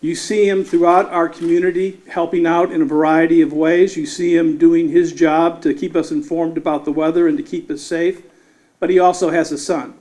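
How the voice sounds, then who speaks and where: Mayor giving measured formal remarks. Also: male voice, a little high, flat delivery, darkish tone. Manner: measured, acknowledging officials. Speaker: city mayor.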